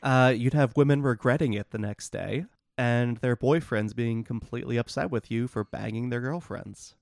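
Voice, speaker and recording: A man's voice: mid-range voice, normal speed, gravelly, a little mellow, no echo. A man co-hosting a podcast, casually and wryly explaining the plots of obscure films. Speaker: podcast co-host. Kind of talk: casual movie discussion.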